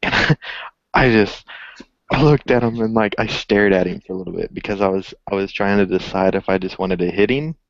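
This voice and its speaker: A gravelly, low-pitched man tells a profane story in a loose, casual chat, swearing freely and acting out everyone's lines himself. The recording is dry and a bit muffled, with a lo-fi sound. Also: brisk, no room sound. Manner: profane, animated storyteller, acts out quotes. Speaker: podcast co-host. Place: indoors, garage.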